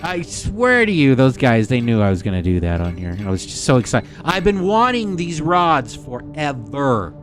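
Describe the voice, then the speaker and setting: A man streaming a game live, talking straight to his viewers in a loose, chatty way. His pitch swings widely as he gets worked up, and he swears casually. Faint music plays underneath. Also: very animated, normal speed, few pauses. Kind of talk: live gameplay commentary to chat.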